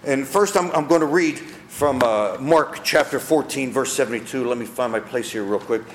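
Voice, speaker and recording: A man's voice: medium pitch, moderate pace, echoey room, a little hiss or hum. A man preaching a sermon as pastor, earnest, asking his listeners questions and repeating key phrases.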